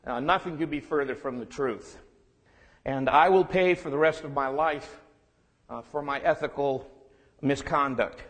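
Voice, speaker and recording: A man's voice: mid-range voice, measured pace, a bit bright. A man from California giving a candid, self-deprecating and humorous lecture to students, mixing warnings with family stories. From California, United States. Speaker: guest lecturer. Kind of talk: public lecture with storytelling. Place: lecture room. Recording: long reverb in a lecture room.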